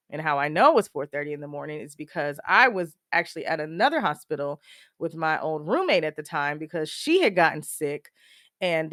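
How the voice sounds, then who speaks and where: A young woman, hosting a podcast and telling a personal story in a candid, emotional way, with animated quoted bursts. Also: on the low side, dry recording, clean studio sound. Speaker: podcast host.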